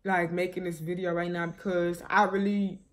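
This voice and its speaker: A woman's voice: fairly low pitch, flat delivery, moderate pace. A young woman vlogger, telling viewers a painful personal story in a rambling, grieving way, full of fillers and restarts. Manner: grieving, subdued and shaky.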